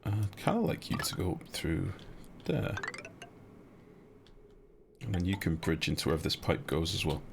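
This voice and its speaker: Low-voiced man streaming a game. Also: big pitch swings, moderate pace, gravelly, long pauses, background noise. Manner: chatty, joking, reads out and answers viewer chat. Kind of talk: casual live gameplay commentary. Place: home streaming setup. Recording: game music underneath.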